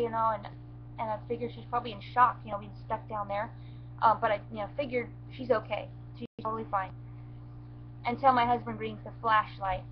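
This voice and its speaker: Near tears, a woman who owns goats haltingly retells what happened to her, restarting again and again. Her voice is slightly high and shaken, and the sound is muffled over a faint underlying hum.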